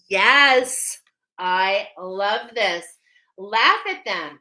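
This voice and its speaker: A woman's voice: medium pitch, unhurried, bright, forceful tone, low-quality recording. A woman leading a live oracle card reading, emotional and preacher-like, constantly checking in with her listeners. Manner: emphatic, checks in with "okay?" constantly. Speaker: spiritual card reader.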